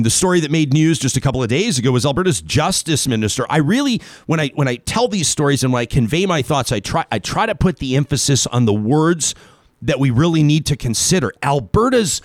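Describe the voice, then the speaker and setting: A Canadian man delivers a pointed political monologue from behind a talk radio microphone, stressing his key words with scorn. His pitch sits a little high and swings widely. The sound is dry and close, with no room around it. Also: very animated, no room sound. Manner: emphatic, sarcastic, dramatic pauses on key words. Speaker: radio talk show host.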